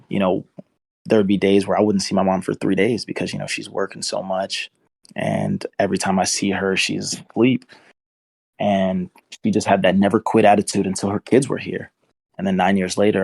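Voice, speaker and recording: Young man, podcast guest, earnest storytelling, flat low delivery, gravelly. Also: dry recording. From United States. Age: 20s. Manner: earnest, emotional retelling. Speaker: guest, football player. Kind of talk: interview storytelling.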